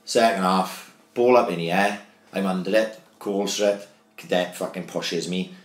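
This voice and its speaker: A man's voice: low voice, steady tone, moderate pace. A Welsh man, a former footballer, telling sweary stories in a casual podcast chat. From Wales. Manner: loose storytelling, heavy swearing. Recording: roomy echo.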